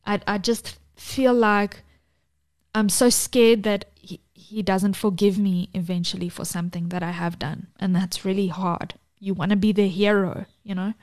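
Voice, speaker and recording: A woman's voice: medium pitch, little pitch movement, normal speed, darkish tone. A woman co-hosting a podcast, talking candidly and close to tears, frank and swearing. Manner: emotional, tearful, frank with swearing. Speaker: podcast co-host.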